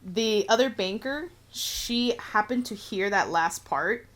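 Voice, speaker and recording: A woman's voice: medium pitch, slow pace. A young woman telling a work story in casual podcast chat, swearing often and laughing as she goes. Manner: profane, laughing, animated retelling. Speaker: podcast co-host.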